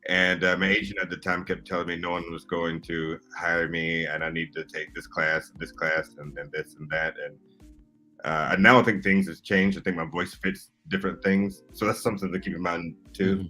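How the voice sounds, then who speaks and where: A man with a very low voice and a Southern US accent, from North Carolina. He talks in an easygoing, halting way, chatting casually on a livestream. Faint music sits behind him. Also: little pitch movement, pushed and bright. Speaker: voice actor.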